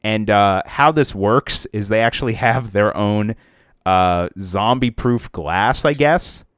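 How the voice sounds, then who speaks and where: A man's voice: on the low side, takes it slowly, a bit bright, no room sound, clean studio sound. A young man co-hosting a casual podcast about video games, rambling with lots of fillers and restarts. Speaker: podcast co-host.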